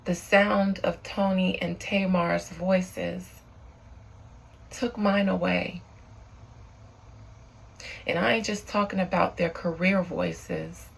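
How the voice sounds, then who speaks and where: A woman's voice: fairly low pitch, steady tone, slow pace, vocal fry, long pauses, husky, heavily acted, low-quality recording. A woman medium voicing a hurt, resentful female spirit during a spiritual channeling session, in a bitter, aggrieved lament.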